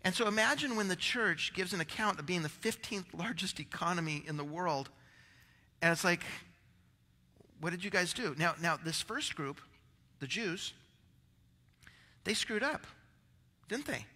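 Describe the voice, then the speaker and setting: A man's voice: high voice, expressive, unhurried, pauses often, sharp tone, long reverb tail. A male pastor preaching a rambling, conversational sermon, out of breath, with many restarts.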